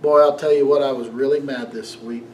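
A middle-aged man preaching a sermon as pastor, telling stories in an animated way and asking the congregation questions. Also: mid-range voice, brisk, slight background noise. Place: church sanctuary. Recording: echoey room, mic from a distance.

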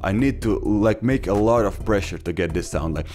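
A young man hosting a casual beatbox tutorial, talking haltingly with many fillers and restarts. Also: on the low side, darkish tone, a little hiss or hum. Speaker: beatbox tutorial channel host.

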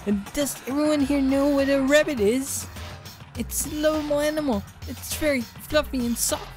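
A woman's voice: high voice, moderate pace, darkish tone, voice pushed up, natural voice. A woman voicing a sweet, sing-song female rabbit mascot teacher while reading a game aloud. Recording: voice with game music behind. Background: game music.

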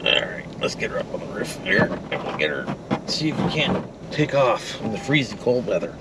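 A man's voice: on the low side, very animated, normal speed, very noisy. A man chatting casually while flying a drone outdoors by a frozen river, talking to the drone and the birds. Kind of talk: casual running commentary.

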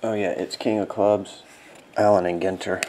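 A man's voice: deep voice, little pitch movement, warm tone, a little hiss or hum. A man hosting a card break, yawning and sleepy with watery eyes, calling out card names casually. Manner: drowsy, yawning, reads card names in quick bursts.

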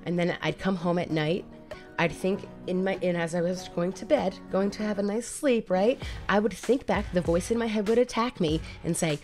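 A woman's voice: on the low side, moderate pace, a little mellow, faint music behind. A woman in her thirties, speaking as a mental health advocate and telling her personal story in a candid, conversational way that often repeats phrases.

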